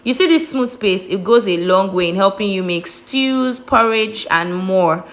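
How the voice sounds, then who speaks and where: A woman's voice: medium pitch, expressive, measured pace. A woman with a Nigerian accent, talking through a cooking tutorial in a chatty, emphatic, playful way. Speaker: cooking vlogger.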